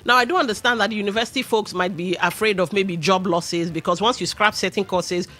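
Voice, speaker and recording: A woman's voice: mid-range voice, fairly even intonation, fairly quick, a bit bright, soft background music. A Nigerian woman hosting a radio talk show, giving opinionated commentary with pidgin asides. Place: radio studio.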